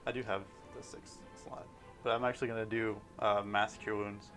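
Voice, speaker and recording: A man's voice: fairly low pitch, level tone, moderate pace, a bit bright, faint music behind. A man playing a tabletop game, thinking aloud and correcting himself as he decides. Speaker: player. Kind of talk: casual tabletop game play.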